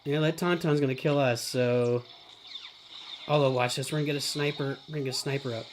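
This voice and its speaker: A middle-aged man hosting a live game stream. He gives running commentary, often calls himself by name in the third person, and breaks into excited shouts. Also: medium pitch, brisk, noisy background. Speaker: streamer host.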